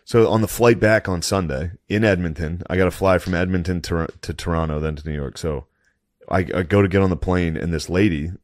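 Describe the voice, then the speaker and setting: A stand-up comedian with a deep, low voice spins a rambling, profane story in casual podcast talk. He sounds indignant. The recording is close and dry, with no room sound. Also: brisk, no echo.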